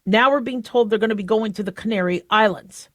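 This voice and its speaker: A woman's voice: medium pitch, brisk, no room sound, clean studio sound. A woman hosting a talk radio show, explaining medical news in a chatty way with many fillers and restarts.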